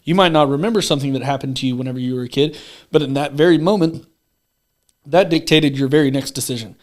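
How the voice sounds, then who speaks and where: A man's voice: medium pitch, quick pace. A young man hosting a podcast, chatting casually, rambling and swearing freely. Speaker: podcast host. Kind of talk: casual chat.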